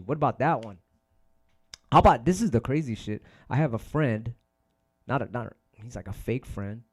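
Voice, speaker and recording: A man's voice: mid-range voice, a little mellow. A man hosting a casual livestream chat, rambling and swearing a lot, often repeating his phrases. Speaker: DJ and host.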